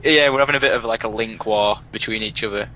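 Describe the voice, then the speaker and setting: A man's voice: on the low side, fast talker, highs cut off. A man in voice chat pushily egging a friend on. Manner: pushy, egging on. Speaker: stream viewer on voice chat.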